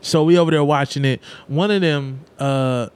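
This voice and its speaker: A man telling a story in casual talk, animated and profane, jumping into high voices for his friends. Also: normal speed, clear, resonant tone.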